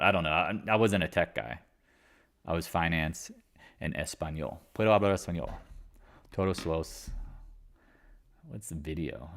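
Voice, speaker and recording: A man in his forties from North Carolina hosting a casual live market chat, blunt and swearing, often trailing off and restarting. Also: deep voice. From Raleigh, North Carolina.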